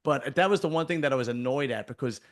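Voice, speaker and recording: Mid-pitched male host, chatty and opinionated in a casual interview. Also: quick pace. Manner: conversational and opinionated.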